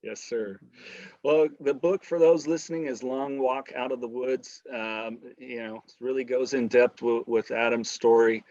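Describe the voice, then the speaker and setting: A man's voice: mid-range voice, steady tone, unhurried, darkish tone, no echo. A male podcast host asks questions and chats in a casual, frank manner, swearing freely. The sound is dry and close, with a dull lo-fi quality. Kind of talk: casual interview chat.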